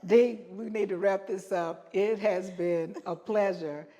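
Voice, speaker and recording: A woman hosting a podcast puts gentle questions to her guest, often laughing as she speaks. Her pitch sits in the middle range. Her voice carries a long hall reverb. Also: a little slow. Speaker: podcast host. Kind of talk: interview questions.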